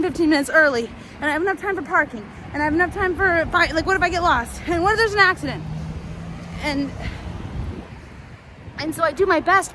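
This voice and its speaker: A woman with a high voice tells a long personal story as she walks along a city street. She talks in a chatty, wandering way, full of ums and restarts. Loud street noise surrounds her. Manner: chatty, rambling, with many fillers and restarts. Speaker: vlogger. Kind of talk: casual storytelling while walking.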